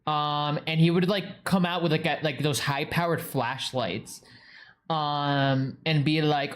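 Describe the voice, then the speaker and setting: A young man with a New England accent talks to his stream viewers in a loose, rambling way. His voice sits a bit high for a man. He piles on "like" fillers and swears freely. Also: measured pace. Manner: rambling, heavy use of "like" and swearing. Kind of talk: casual live-stream chat reading viewer comments.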